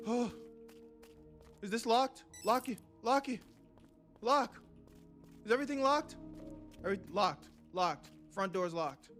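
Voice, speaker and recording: A young man with a high, bright voice comments live on a horror game he is playing. He gets jumpy and excitable, swears freely and repeats the same line over and over when scared. Soft music plays faintly under his voice. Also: slow, long pauses. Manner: panicky, excitable, swears often, repeats himself. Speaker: streamer.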